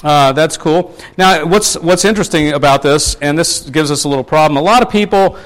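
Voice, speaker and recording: A man's voice: on the high side, a little fast, a bit bright. Chatty male preacher quizzing his congregation. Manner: chatty, asks the congregation questions; many fillers and restarts. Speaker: pastor. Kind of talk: conversational sermon.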